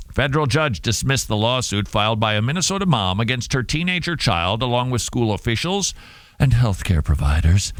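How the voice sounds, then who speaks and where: A man's voice: a little high, a bit bright, dry recording. A middle-aged man hosting a talk show, commenting casually with sarcasm and jokey asides.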